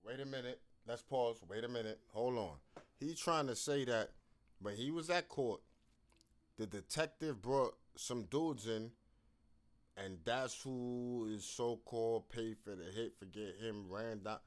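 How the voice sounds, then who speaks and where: A man's voice: mid-range voice, unhurried. A man commenting over a played phone call, scolding and mocking in casual street talk.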